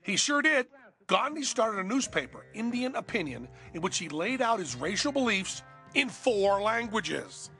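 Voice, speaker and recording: A man's voice: sits high, sing-song, moderate pace, sharp tone, faint music behind. A man hosting and narrating a comic documentary in a sarcastic, profane way. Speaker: host and narrator.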